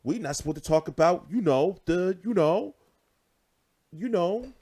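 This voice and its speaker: A man's voice: sits high, unhurried. A young man hosting a boxing show, swearing freely and telling stories with animation. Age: 20s. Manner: profane, animated storytelling. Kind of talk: casual livestream chat.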